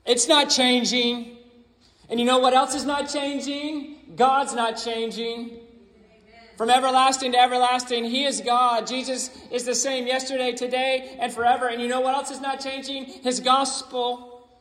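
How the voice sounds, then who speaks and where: A man's voice: extremely high pitch, flat delivery, moderate pace, fairly bright tone. A man preaching a sermon as pastor, emphatic and repeating his key phrases. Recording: echoey hall.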